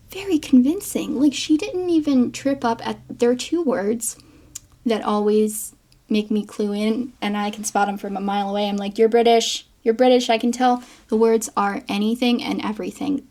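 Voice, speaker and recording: A woman hosts her own film commentary channel, chatting with playful asides and small laughs. Her voice sits a little high but keeps dropping into gravelly vocal fry. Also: darkish tone. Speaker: geographer and film commentary host. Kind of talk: casual film commentary to camera.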